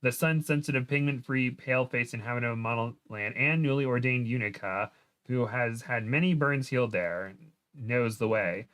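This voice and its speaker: A man's voice: medium pitch, moderate pace, fairly bright tone, close to an everyday voice. A prim, clinical teen girl, as a man reads her lines, with a fussy and formal delivery. The voice sits a little above his usual register. She is a storybook character read aloud.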